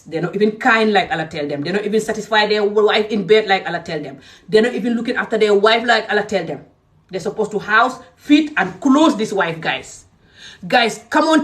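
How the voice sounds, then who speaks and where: A woman's voice: mid-range voice, recorded from a distance. A woman from Gambia, talking straight to camera in a passionate, scolding rant. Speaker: vlogger.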